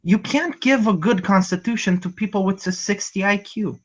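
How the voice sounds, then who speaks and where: A man talking as a guest in a casual online group chat, quick and stammering, with sarcastic quips. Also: sits high, noisy background. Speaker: guest panelist. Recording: muffled lo-fi video-call audio.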